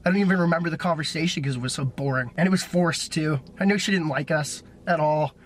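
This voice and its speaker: A man's voice: fairly high pitch, fast talker, slight background noise. A young man vlogging, telling a long story in a casual, rambling way with lots of filler words. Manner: rambling and animated, heavy on "like" fillers.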